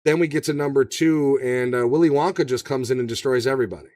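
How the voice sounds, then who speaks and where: A man's voice: medium pitch, fast talker, dry recording, distant mic. Male podcast co-host, casual and profane, dry sound, sits slightly back from the mic. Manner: profane, animated, does shouted impressions. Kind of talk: casual movie discussion.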